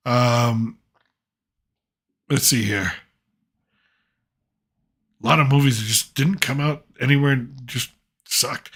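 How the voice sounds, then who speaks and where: A man's voice: medium pitch, slow pace, long pauses, fairly bright tone, husky. A middle-aged man hosting a casual chat, rambling and opinionated with plenty of fillers. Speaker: podcast host, father.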